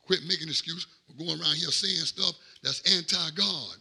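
A middle-aged man, a pastor, preaching a sermon in a rhythmic cadence that swings from quiet asides to shouted peaks. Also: fairly high pitch, moderate pace, vocal fry, few pauses, slightly rough.

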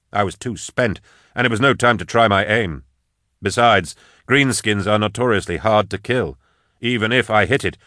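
A man reading a dark first-person fantasy story aloud in a measured, grave storytelling manner. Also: fairly low pitch, dry recording, clean studio sound. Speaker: narrator. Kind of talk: audiobook narration of dark fantasy fiction.

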